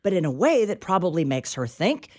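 Radio co-host, woman, middle-aged, animated storyteller with an exasperated edge. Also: on the low side, fairly quick. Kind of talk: casual talk radio chat. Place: radio studio.

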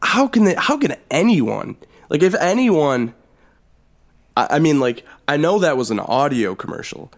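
A podcast co-host in casual comedic chat, laughing often and gushing in an animated way. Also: mid-range voice, moderate pace.

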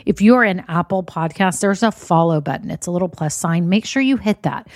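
Upbeat woman host, slightly scratchy voice, lower register, dry close-mic read. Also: brisk, no echo. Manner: chatty, upbeat, encouraging. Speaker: podcast host. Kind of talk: casual podcast chat.

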